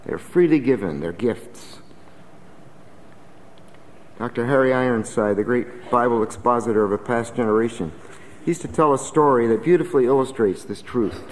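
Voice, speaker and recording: A man's voice: medium pitch, moderate pace, in a large hall. A man preaching a sermon in an earnest, emphatic, exhorting manner.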